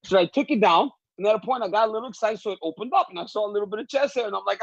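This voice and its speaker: A man, a guest telling animated stories in casual chat and laughing often. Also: high voice, rapid-fire, creaky, slightly rough, no echo. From Louisiana. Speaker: guest analyst. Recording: dull, lo-fi remote feed.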